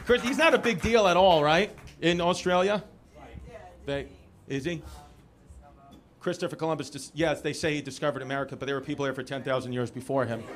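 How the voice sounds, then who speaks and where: Onstage at a theater, a Brooklyn-born comic talks briskly in a slightly high voice while music plays in the background. He's lively, voicing quoted characters and bantering with the live crowd, whose noise fills the recording.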